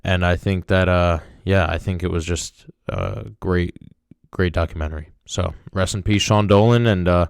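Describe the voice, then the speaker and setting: A man's voice: deep voice, steady tone, normal speed, gravelly, clean tone, no echo, clean studio sound. A young man hosting a podcast, giving a casual, emotional review in a rambling way, full of fillers like "dude" and "man". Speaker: podcast host.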